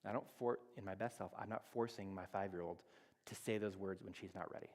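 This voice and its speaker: A man's voice: deep voice, fairly quick, a little mellow. A man in his thirties giving a conversational sermon, teaching with everyday examples and acting out bits of dialogue. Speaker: church speaker. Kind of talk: sermon on relationships. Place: church sanctuary. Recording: long reverb of a church hall.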